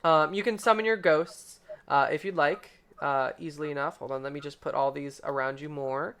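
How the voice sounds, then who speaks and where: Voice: mid-range voice, fairly even intonation, moderate pace, fairly bright tone, a little hiss or hum. A game master narrating a tabletop game casually, laughing often between filler words.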